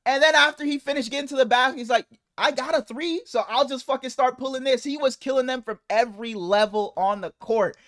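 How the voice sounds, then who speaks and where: A young man co-hosting a casual podcast, talking sports with excited swearing and laughter. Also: very high-pitched, a little fast, hardly any pauses. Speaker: podcast co-host. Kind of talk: casual chat.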